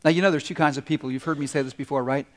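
A male pastor delivers a sermon in a reverberant hall, his voice sitting a little high for a man. He tells stories, acts out quotes and puts questions to his congregation. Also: steady tone, rapid-fire. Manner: storytelling with acted-out quotes and audience questions.

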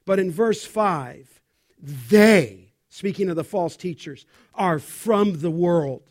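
A man's voice: sits high, slow, a little mellow. A middle-aged male pastor preaching an expository sermon, stressing key words and asking the congregation questions.

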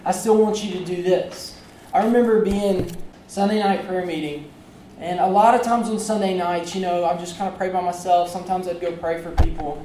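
A preacher talks through a sermon in a loose, chatty way, often turning to the congregation. The voice is soft and mellow. It comes from well back from the mic and rings around a roomy sanctuary, with faint ambient noise under it. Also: mid-range voice, fairly even intonation, brisk, far from the mic. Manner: conversational, chatty, addresses the congregation directly. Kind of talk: casual sermon with personal story. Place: church sanctuary.

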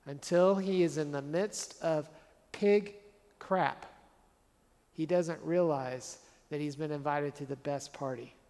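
A man's voice: a little high, slow, mellow, long reverb tail. A man preaching a sermon as a pastor, conversational and earnest, driving points home with repeated phrases.

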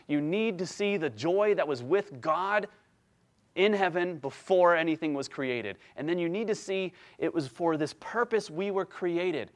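A pastor delivering a sermon in a fairly high-pitched voice. He preaches emphatically, building to excited peaks before falling back to a hushed, earnest tone. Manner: emphatic, rising to excited peaks then dropping quiet.

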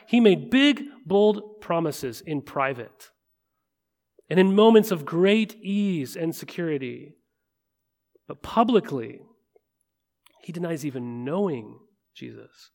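A man preaching a sermon in a conversational way, often checking in with listeners and slowing to a hush at weighty moments. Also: on the high side, animated. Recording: long reverb of a large hall.

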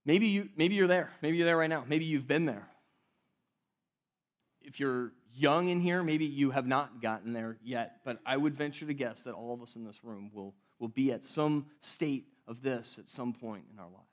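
A man preaching a sermon in a conversational way, often restarting phrases and dropping to a hushed voice for emphasis, in a church. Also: mid-range voice, normal speed, dull audio. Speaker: pastor.

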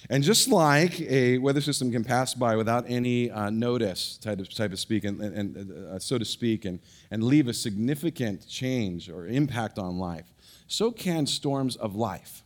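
A middle-aged pastor speaks a little slowly in a medium-pitched voice as he preaches. His sermon features a personal story told animatedly, with many restarts and fillers.

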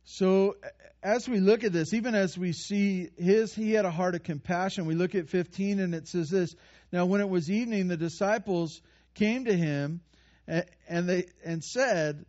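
A man preaching a sermon in a conversational, animated way, with playful asides and frequent restarts. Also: high-pitched, normal speed, dull audio. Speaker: pastor.

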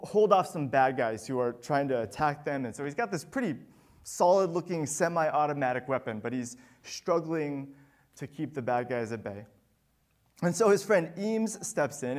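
A man preaching a sermon as pastor, earnest and building to emphatic peaks. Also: fairly high pitch.

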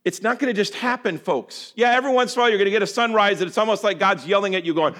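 Man preaching with emphatic swings. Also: sits high. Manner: swings from loud emphatic bursts to quiet, slow, drawn-out phrases; folksy, addresses listeners as folks. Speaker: pastor. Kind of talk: sermon.

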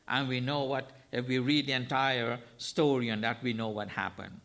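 A man's voice: mid-range voice, steady tone, moderate pace, gravelly, hardly any pauses, a bit bright. A man preaching a sermon as a guest speaker, emphatic, repeating key phrases and asking rhetorical questions.

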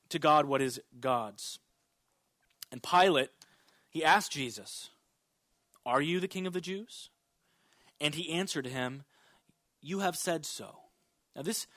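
High-voiced preaching male pastor. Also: a bit bright, no room sound. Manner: preaching with emphatic rises and drops. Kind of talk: sermon.

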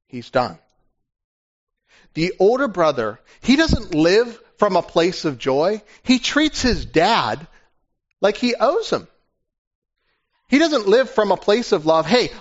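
A male pastor preaching a sermon in a conversational, animated storytelling manner. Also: a little high. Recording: dull lo-fi recording.

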